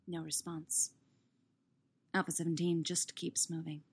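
A woman reading fan fiction aloud in a steady, expressive narration. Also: low voice, a little slow, husky. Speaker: audiobook reader.

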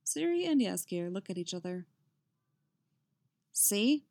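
A woman reading fiction aloud in a calm, unhurried storytelling manner. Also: mid-range voice. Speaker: reader. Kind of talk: audiobook-style fiction reading.

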